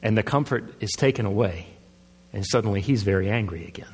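A man's voice: lowish voice, fairly quick, breathy edge. A man pastor preaching a sermon in a conversational way, asking his listeners questions. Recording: long hall reverb.

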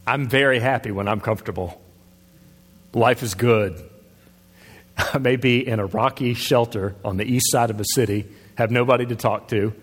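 A man acting out a sulky, self-pitying male prophet who complains about his lot, with a husky voice. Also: mid-range voice, normal speed, pauses often, natural voice. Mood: sulking. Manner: complaining, sorry for himself. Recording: long hall reverb.

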